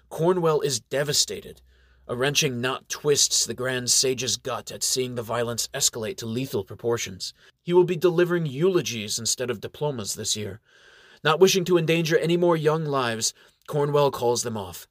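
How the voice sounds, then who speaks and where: A man narrating a fantasy battle story in a measured, dramatic way. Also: mid-range voice, lively intonation, fairly bright tone, dry recording, clean studio sound.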